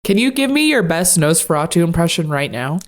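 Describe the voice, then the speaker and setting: A woman co-hosting a podcast in casual chat, jokey and quick to laugh. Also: fairly low pitch, sing-song. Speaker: podcast co-host.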